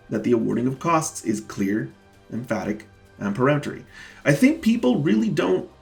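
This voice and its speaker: Gravelly-voiced man, indignant legal vlogger. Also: mid-range voice. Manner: indignant, emphatic, repeats key words for stress; talks straight to viewers as "guys". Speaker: self-represented litigant and channel host. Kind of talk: casual explanatory vlog walking through legal filings.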